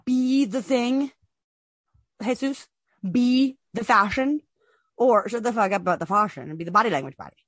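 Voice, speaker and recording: A woman's voice: fairly high pitch, normal speed, pauses often, fairly bright tone, dry recording. A woman co-hosting a podcast in casual chat, rambling and profane, full of "like". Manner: rambling, profane, heavy use of "like". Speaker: podcast co-host.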